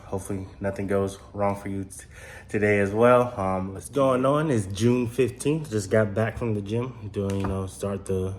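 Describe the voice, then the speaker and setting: A man chatting casually to camera in a home vlog, filmed in his kitchen, with many ums and restarts. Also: on the low side. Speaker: vlogger.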